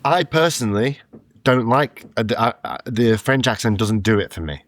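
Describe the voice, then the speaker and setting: A man's voice: medium pitch, moderate pace. A man co-hosting a podcast in casual chat, joking freely and cursing offhandedly. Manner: joking, animated, casual swearing. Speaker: podcast co-host.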